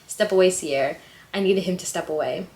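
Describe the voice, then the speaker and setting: A woman vlogging casually, reading a story aloud and breaking off into giddy, excitable reactions. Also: on the low side, normal speed. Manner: reads fiction aloud softly. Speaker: writing vlogger.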